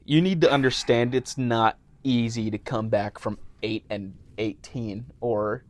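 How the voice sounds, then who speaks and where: A young man co-hosts a relaxed podcast, joking around and teasing his partner. His voice sits at an ordinary pitch, and he laughs often as he talks. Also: measured pace. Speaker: podcast co-host. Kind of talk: casual chat.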